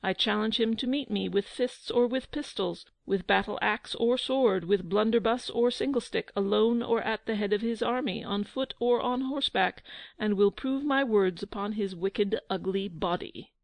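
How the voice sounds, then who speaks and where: A woman's voice: medium pitch, moderate pace, gravelly, no room sound, lightly acted, low-quality recording. A woman reading the part of a herald who declaims a royal proclamation in a formal tone. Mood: proclaiming.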